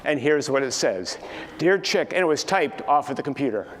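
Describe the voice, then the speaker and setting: Older male keynote speaker, animated storyteller, recorded in a reverberant conference hall. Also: medium pitch, a little fast, a little hiss or hum. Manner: animated storytelling, acts out family dialogue. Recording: distant echoey hall with faint ambience.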